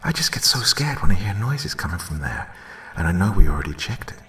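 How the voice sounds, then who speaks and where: A man's voice: low-pitched, sing-song, a little fast, bright, forceful tone, echoey room, voice pushed up, heavily acted. A man voicing a frightened little boy who pleads breathlessly in a raised voice, in a horror story reading. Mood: timid. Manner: pleading, breathless through gasps. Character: scared little boy at night.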